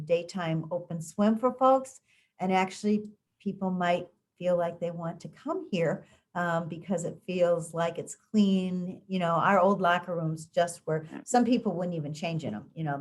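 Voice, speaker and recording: A woman talks through community education plans in a loose, conversational way, pausing often on ums and restarting her sentences. Her voice sits a bit low. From United States. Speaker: school district education official. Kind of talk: community interview answers.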